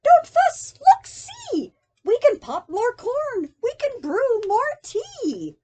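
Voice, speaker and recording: An older woman voicing a tiny fussy male mouse in a read-aloud picture book, with a squeaky voice. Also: wildly swooping pitch, takes it slowly, warm tone, heavily acted. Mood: soothing. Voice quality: squeaky, very high.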